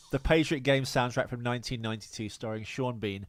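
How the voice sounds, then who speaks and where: A man's voice: mid-range voice, moderate pace, dry recording. A man co-hosting a podcast in a studio, rambling and joking crudely in casual banter. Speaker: podcast co-host.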